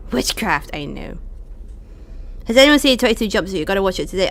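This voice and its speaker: Lively young woman streaming a game. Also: mid-range voice, a little fast, creaky, pauses often. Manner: swearing, talking to chat, frustrated outbursts. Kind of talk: casual live-stream commentary.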